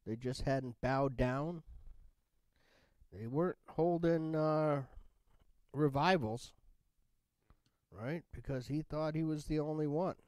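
A man's voice: fairly high pitch, slow, long pauses, a little mellow, dry recording. A man teaching a Bible study in a casual, conversational way, often checking in with "right?". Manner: conversational, keeps asking "right?".

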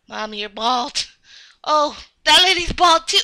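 A woman with a very high, piercingly bright voice, doing a game role-play as a child. She whines and gets excited the way a little kid does, and her delivery is slow and drawn out. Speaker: game video creator.

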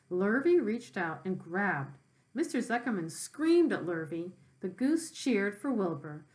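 A woman teacher reading a children's book aloud, pausing to explain words to young listeners. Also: medium pitch, rough recording. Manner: expressive, with brief explanations for children.

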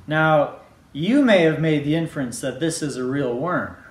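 A man teacher hosting a video series for children, introducing the next part with brisk, friendly words. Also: a little high. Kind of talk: casual show hosting for children. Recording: roomy, from the mic.

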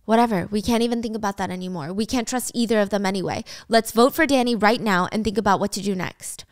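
Woman doing a distrustful young man, cold, demanding, quick, clear voice. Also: mid-range voice, dry recording, studio quality, lightly acted.

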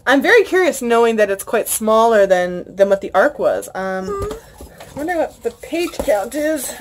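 A woman's voice: on the high side, big pitch swings, normal speed, a little hiss or hum. Young woman book vlogger, casual home chat, gushing, filler-heavy. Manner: chatty, gushing, many fillers.

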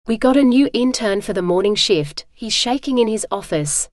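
A woman's voice: medium pitch, expressive, normal speed, no room sound, studio quality, lightly acted. A woman reading the lines of a sleepy young male hospital orderly, offhand and gossipy, in an audiobook.

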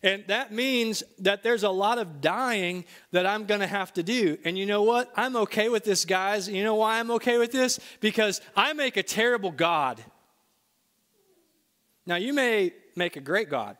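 A man's voice: high-pitched, moderate pace, hardly any pauses, a bit bright. A middle-aged male pastor preaching to a congregation in a church, telling a personal story in a conversational way that rises to emphatic bursts. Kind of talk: sermon. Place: church sanctuary before a congregation.

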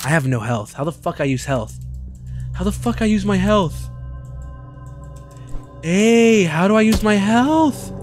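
A young male streamer rattles off profane, jokey commentary while playing, his fairly high voice swinging wildly. Game music plays clearly behind him. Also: big pitch swings, measured pace, long pauses. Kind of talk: gaming commentary.

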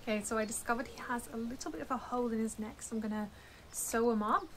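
At home, a young woman films a casual plush unboxing on a tripod-mounted camera mic, with noise in the background. Her voice is a little high and fast, and she sounds excited and amazed, rambling with fillers and restarts.

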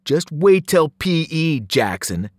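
Sneering teen boy bully, loud and jeering, pitched up high, as read by a man. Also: big pitch swings, slow pace, no echo, clean studio sound. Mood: taunting.

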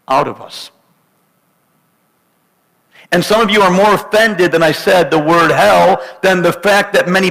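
High, gravelly-voiced man preaching in a reverberant church. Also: a bit bright. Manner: emphatic, dramatic preaching with joking asides. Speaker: pastor. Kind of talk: sermon. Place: church sanctuary. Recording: long reverb of a church hall.

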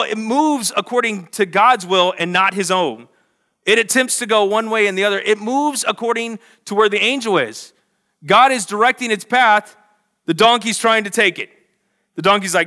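A young adult man preaching a lively sermon, telling a story with big energy and acting out the voices in quotes. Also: sits high. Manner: animated, acts out voices in quotes. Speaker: pastor.

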